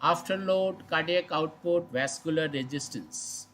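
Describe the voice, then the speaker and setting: A man's voice: a little high, expressive, unhurried, fairly bright tone, a little hiss or hum, poor audio. A man giving a medical lecture, explaining step by step and putting questions to his audience. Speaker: physician lecturer. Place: hospital lecture livestream.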